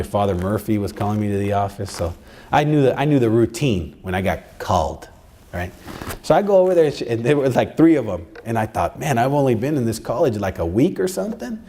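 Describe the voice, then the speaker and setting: A middle-aged man telling a personal story to an audience in an animated way, dropping Spanish phrases into his talk. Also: on the low side, a little hiss or hum. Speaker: speaker addressing college staff.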